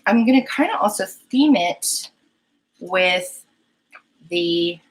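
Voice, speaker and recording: A woman's voice: lowish voice, expressive, slow pace, rough recording. A young woman hosting a painting live stream, chatting casually and giggling as she talks to her chat. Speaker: painting livestream host.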